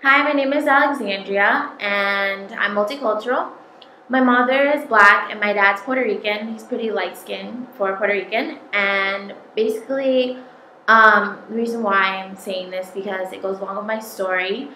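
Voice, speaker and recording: A young woman tells a personal story at a moderate pace, her medium-pitched voice carrying a sharp edge. She rambles casually, filling her speech with lots of "um"s and "like"s. The room is echoey, with a little background noise.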